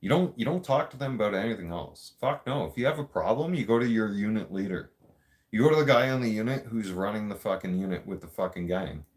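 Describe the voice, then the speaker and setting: A man with a very low voice tells stories in loose, casual chat. He talks bluntly, swears freely and laughs as he goes, like a podcast host riffing with no script. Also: lively intonation, quick pace. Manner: blunt, profanity-heavy, laughs often. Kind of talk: casual storytelling.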